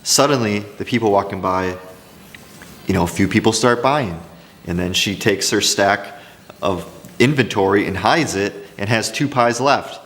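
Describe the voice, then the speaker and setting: Lowish-voiced guy rambling thru craft business tips, echoey hall sound. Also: moderate pace. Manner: rambling, restarts often, animated storytelling. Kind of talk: casual talk to camera.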